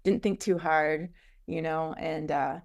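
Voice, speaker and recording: A woman guest on an interview show, chatting casually about her business with lots of fillers and quick asides. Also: low voice, steady tone, gravelly.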